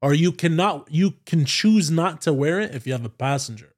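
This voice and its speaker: Animated, profane man. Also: a little high, moderate pace. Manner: animated, profane, says "bro" constantly. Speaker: podcast guest. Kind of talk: casual storytelling.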